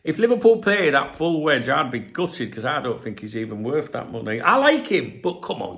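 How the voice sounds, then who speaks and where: A man's voice: mid-range voice, very animated, normal speed, vocal fry, hardly any pauses, a bit bright. A tired man hosting a football channel, ranting bluntly with heavy swearing. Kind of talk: late-night ranting vlog.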